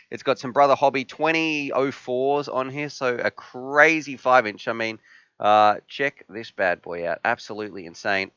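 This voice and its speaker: A man's voice: mid-range voice, pushed and bright, smooth, dry recording, muffled recording. A man hosting a casual live stream, chatty and laughing often as he reads out chat messages.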